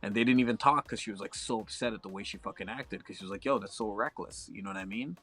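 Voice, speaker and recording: A man's voice: lowish voice, racing, a bit bright, breathy edge, soft background music. A young Canadian man telling a long story in a casual chat, profane and full of slang.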